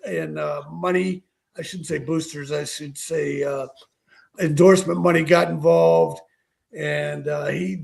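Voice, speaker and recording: A man's voice: on the high side, creaky. A man on a sports talk panel, rambling with many fillers and self-corrections.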